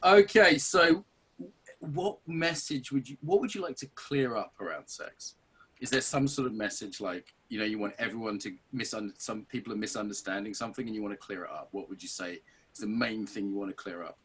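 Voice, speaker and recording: A man's voice: lowish voice, fairly quick, fairly bright tone, slightly rough. A man hosting a podcast interview who jokes around in playful banter with his guest. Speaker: podcast host.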